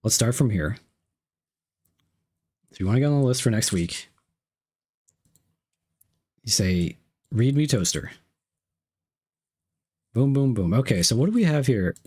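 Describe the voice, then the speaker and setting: A man's voice: medium pitch, animated, measured pace, long pauses, a little mellow, breathy edge. A young man streaming live, reading chat messages aloud and unboxing gifts, playful and repeating himself.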